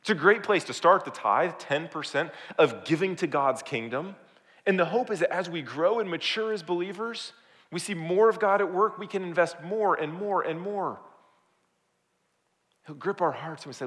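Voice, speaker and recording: Animated preacher in a reverberant hall. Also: male voice, on the high side, moderate pace. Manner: animated preaching, swings from loud to hushed. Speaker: pastor. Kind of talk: sermon.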